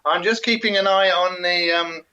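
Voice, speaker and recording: A man's voice: high-pitched, fairly even intonation, moderate pace, bright, forceful tone, slight background noise. A male co-host of a live show, chatting and reading a folk tale with dry humor. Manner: dry, jokey storyteller. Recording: dull lo-fi audio.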